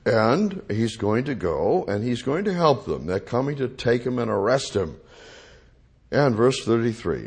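A man's voice: lowish voice, sing-song, a little slow, a little mellow, slightly rough. A man teaching the Bible verse by verse, repeating phrases and restating each verse in plain everyday words.

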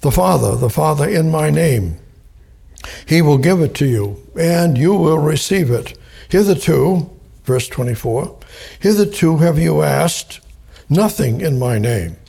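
A man teaching the Bible verse by verse, slow and deliberate, spelling out and repeating key words. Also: fairly high pitch, lively intonation, creaky, mellow, husky.

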